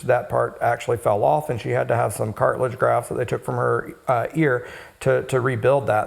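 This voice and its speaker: A cosmetic injector co-hosts an educational podcast, explaining things steadily with frequent pauses. His voice sits in the mid-range and has a creaky quality.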